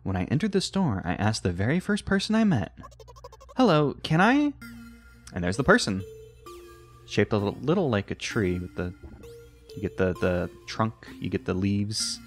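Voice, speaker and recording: A young man reading a text game aloud with playful commentary, jumping between squeaky high and low reading voices. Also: big pitch swings, moderate pace, long pauses, soft background music.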